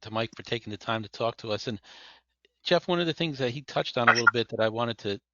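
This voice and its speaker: A man's voice: medium pitch, fast talker, very noisy. A man hosting an interview, easygoing, prompting his guests with questions and laughing along. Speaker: interviewer, team executive. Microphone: video call. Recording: dry, dull video-call audio.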